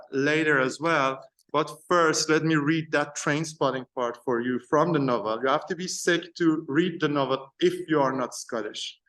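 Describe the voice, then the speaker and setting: A man giving an informal lecture on film to a university class. He speaks at an ordinary middle pitch, pausing often and searching for words between his points. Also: fairly bright tone.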